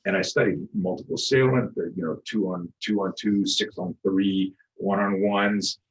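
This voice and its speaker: Middle-aged man, low register, animated guest storyteller acting out dialogue. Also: normal speed, rough recording. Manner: animated, acts out quoted dialogue, frequent restarts, swears. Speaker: guest, self-defense instructor.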